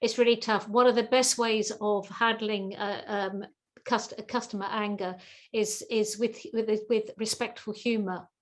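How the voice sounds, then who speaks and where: A woman, a guest expert on a video call, answers questions with lively advice, repeating words and acting out the people she quotes. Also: mid-range voice, a little slow. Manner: animated, acts out quoted voices, repeats words. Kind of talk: webinar Q&A advice.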